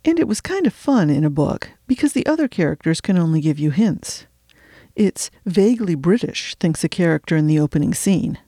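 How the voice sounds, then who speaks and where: A woman hosts a fiction podcast from her attic, introducing her own mystery with a wry, self-deprecating chat before settling into the reading. Her voice is mellow and warm. The sound is dry and close, with no room echo. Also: sits low, lively intonation, brisk, hardly any pauses. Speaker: podcast host and fiction reader. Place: home attic.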